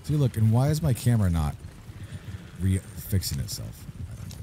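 A man's voice: fairly low pitch, wildly swooping pitch, moderate pace, noisy background. A man streaming a game, chatting casually and rambling, easily annoyed. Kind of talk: casual gameplay chat and role-play.

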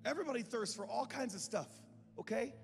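A man pastor preaching a sermon in a church, moving from calm talk to impassioned shouting, with joking asides. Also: very high voice, fast talker, creaky. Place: church sanctuary. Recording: reverberant hall with music behind.

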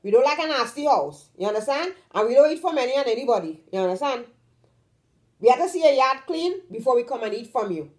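Trini woman vlogging, kinda high voice, leans hard on words and keeps asking if you get it. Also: expressive, fast talker. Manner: emphatic, draws out stressed words, keeps asking "you understand?". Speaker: vlog host. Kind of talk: casual talk to camera.

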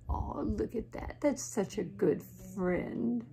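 A teacher reading a picture book aloud to children, gentle and soothing with whispery asides. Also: female voice, medium pitch, animated, takes it slowly, creaky, a little hiss or hum.

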